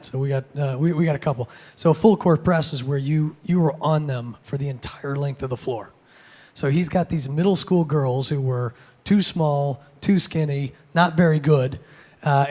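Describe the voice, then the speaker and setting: A man with a hoarse, gravelly voice giving a casual keynote talk on a conference stage, with many fillers and restarts. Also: on the high side, darkish tone. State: hoarse, lost voice. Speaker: conference speaker.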